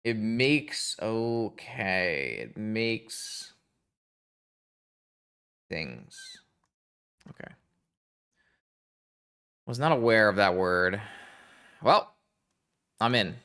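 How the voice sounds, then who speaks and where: A man giving casual live-stream gameplay commentary, thinking aloud and talking to his chat in a chatty, excitable way. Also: on the low side, drawn-out words, long pauses, clear, resonant tone.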